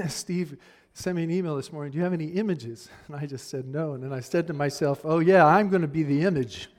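A man preaches a sermon conversationally, dropping into near-hushed asides before rising to fired-up emphasis. His voice is a little high and he speaks a little fast.

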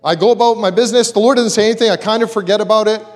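High-voiced man telling a testimony. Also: rapid-fire. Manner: animated storytelling with acted-out quotes. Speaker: church speaker giving a testimony. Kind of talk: storytelling sermon.

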